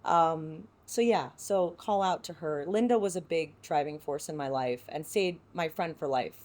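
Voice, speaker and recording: An actress from San Diego speaking as a podcast guest, reflective and heartfelt, with many filler words. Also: female voice, deep voice, normal speed, a little mellow. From San Diego, United States. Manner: reflective, heartfelt, full of "you know" fillers. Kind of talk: podcast interview.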